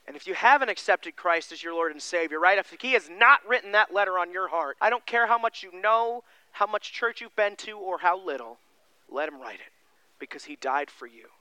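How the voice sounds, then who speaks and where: A male pastor delivering a sermon in a folksy, emphatic way, swinging between loud stressed lines and quiet, low passages. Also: expressive, fairly quick, smooth, no room sound.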